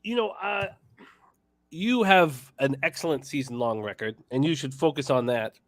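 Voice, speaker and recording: A man's voice: mid-range voice, moderate pace, no echo, clean studio sound. A man guesting as co-host on a sports betting show, boasting about his winning streak and teasing the host with plenty of swearing. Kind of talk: casual sports betting chat.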